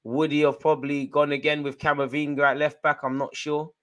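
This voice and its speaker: A young man hosting a live football watchalong, giving chatty, jokey running commentary full of slang, jumping between excited outbursts and low muttered asides. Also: fairly quick. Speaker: fan watchalong host.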